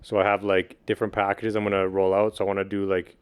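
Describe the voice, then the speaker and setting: A man chatting casually as a podcast guest, talking fast and loosely with lots of slang and "like". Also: deep voice, completely flat delivery, smooth. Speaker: podcast guest, video producer and beatmaker. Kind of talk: casual chat.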